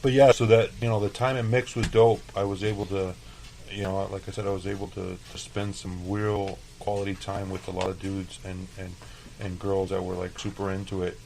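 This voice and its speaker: A man's voice: low-pitched, level tone, a little fast, gravelly, darkish tone, a little hiss or hum, rough recording. A man chef telling stories in a casual interview, loose and profane with lots of fillers. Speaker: chef guest.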